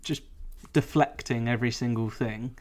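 A man's voice: medium pitch, fairly even intonation, moderate pace. Sweary, chatty man. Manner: swears freely, laughs often, chatty. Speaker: podcast co-host. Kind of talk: casual chat.

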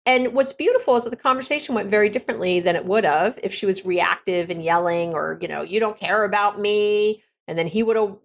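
A woman relationship coach talking candidly on a podcast, conversational and quick to correct herself. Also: medium pitch, creaky. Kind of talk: podcast monologue.

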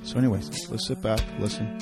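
A man's voice: fairly low pitch, fairly even intonation, fairly quick, over loud music. A Canadian man hosting a podcast, chatting casually and poking fun at himself, with lots of fillers. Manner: chatty, self-mocking, many fillers. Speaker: podcast host. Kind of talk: casual chat.

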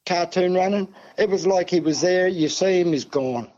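A man's voice: sits high, moderate pace, a little mellow, muffled recording. An older man with an Australian accent, telling stories in a rambling, folksy way as a podcast guest. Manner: rambling, folksy, peppers talk with "see" and "mate". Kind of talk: casual storytelling.

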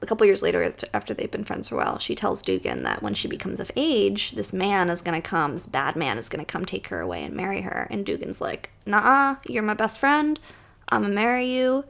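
A woman from Long Island, co-hosting a podcast and recapping a book in fast, casual chat with frequent laughs. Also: medium pitch, animated, vocal fry. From Long Island, New York. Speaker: podcast co-host.

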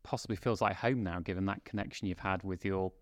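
Low-voiced man from Derbyshire. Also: steady tone, fast, dry recording, clean studio sound. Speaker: podcast co-host. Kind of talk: casual podcast chat.

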